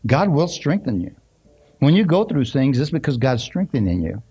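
A middle-aged pastor preaching a sermon in a conversational, storytelling way, often asking the congregation questions. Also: male voice, mid-range voice, sing-song, moderate pace, dark tone, slightly rough. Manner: conversational, asks the congregation questions, many restarts. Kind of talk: sermon with personal stories.

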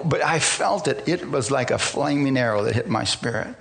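A man, a pastor, preaching a sermon as a lively personal testimony, acting out the dialogue and laughing at himself. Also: medium pitch, moderate pace, vocal fry, few pauses.

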